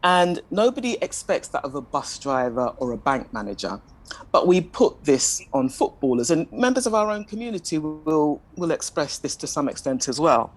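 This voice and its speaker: Low-voiced woman panelist, measured. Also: poor audio. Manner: measured, questioning, self-deprecating. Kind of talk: panel discussion.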